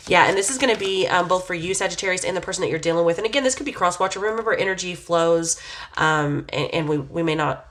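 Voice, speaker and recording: A woman with a somewhat low voice talks through a tarot reading in a relaxed, casual way. She meanders and hesitates, leaning on fillers as she muses aloud about what she senses. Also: quick pace, slight background noise. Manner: reflective, intuitive musing. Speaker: tarot reader.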